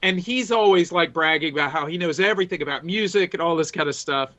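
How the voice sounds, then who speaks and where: A man co-hosts a sports podcast at a desk mic, reading chat from the screen as he tells long, rambling anecdotes full of fillers and restarts. His voice is a little high and fairly bright, he talks fast, and the highs are cut off in this casual storytelling chat.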